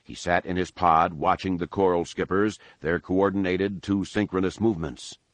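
A man giving scripted audiobook narration in a measured, dramatic reading. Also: low voice, fairly even intonation, dry recording.

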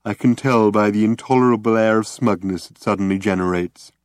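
A man's voice: brisk, clear, resonant tone, no room sound, studio quality, natural voice. Droning depressed robot, put on by a man. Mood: gloomy. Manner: low, hopeless drone. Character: gloomy, depressed male robot.

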